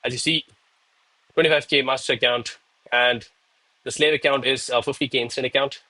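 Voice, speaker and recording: A man's voice: mid-range voice, steady tone, a little fast, sharp tone, dry recording, poor audio. A young man chatting casually with viewers on a live trading stream, breathless and hyped between sets of push-ups.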